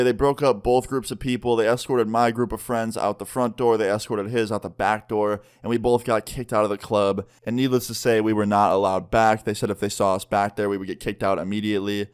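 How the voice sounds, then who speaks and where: A man in his twenties tells a story on his vlog, casual and loaded with fillers, leaning heavily on "like." His voice is lowish and the tone clean.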